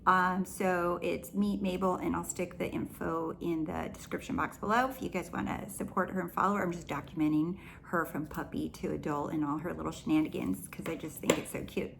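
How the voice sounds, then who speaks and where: A woman's voice: on the low side, fairly even intonation, brisk, gravelly, few pauses, background noise. A woman spiritual coach talking to camera in an earnest, encouraging, rambling way. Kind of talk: casual spiritual teaching monologue.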